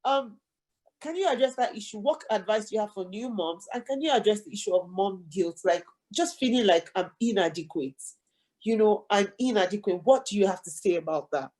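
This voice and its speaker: A woman's voice: mid-range voice, lively intonation, brisk, darkish tone. A middle-aged woman hosting an interview, affirming and summing up her guest's points before asking questions. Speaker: host.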